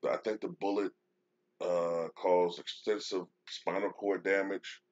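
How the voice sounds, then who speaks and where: A man's voice: low voice, flat delivery, unhurried. A man hosting a show, talking casually and reading out a news article, with many fillers and restarts. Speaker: show host. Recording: dull lo-fi sound.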